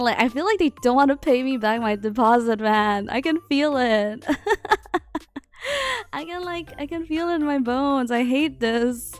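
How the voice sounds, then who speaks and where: A woman streamer chatting casually and softly from her living room, with lots of fillers and frequent laughter. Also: a little high. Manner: speaking softly. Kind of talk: casual chat.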